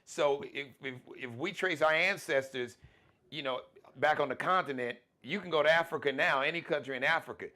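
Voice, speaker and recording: A man's voice: fairly high pitch, fairly quick, pushed and bright. A man from the United States hosting a live talk show, speaking emphatically and often repeating words as he starts a point. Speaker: host.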